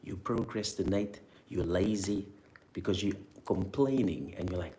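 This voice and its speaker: A man coaching viewers on their money mindset, leading them through imagined feelings with repeated, energetic prompts. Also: low-pitched, a little slow. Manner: energetic, emphatic interjections. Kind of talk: motivational guided talk to viewers.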